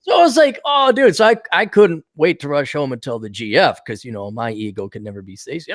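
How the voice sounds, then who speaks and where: A male podcast host in casual chat, an animated storyteller who acts out the people he quotes. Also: on the high side, brisk, hardly any pauses, no echo, studio quality.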